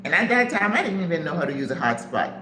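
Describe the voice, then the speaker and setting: An older woman hosting a live stream, telling a story in an animated way and acting out the voices of people in it. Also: quick pace. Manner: animated, acts out voices with big pitch jumps. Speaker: channel host. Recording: echoey room with background noise.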